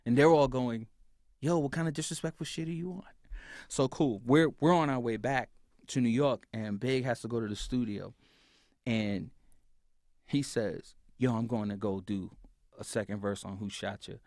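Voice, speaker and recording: A man telling a story as a podcast guest, acting out what other people said and getting louder at the heated parts. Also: medium pitch, moderate pace, no room sound, clean studio sound. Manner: acts out others' lines with swings in loudness. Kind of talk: animated storytelling.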